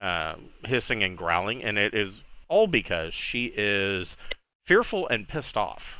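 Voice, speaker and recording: A man's voice: on the low side, very animated, measured pace, pushed and bright, smooth, no echo, low-quality recording. A man narrating a tabletop role-playing session as dungeon master, describing scenes in a casual, descriptive way with frequent restarts.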